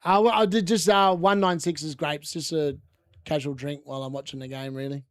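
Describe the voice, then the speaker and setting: A man hosting a casual live football watchalong, excitable and shouting when goals go in. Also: on the high side, fairly quick, dry recording, studio quality. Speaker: watchalong host. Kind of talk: casual live match commentary.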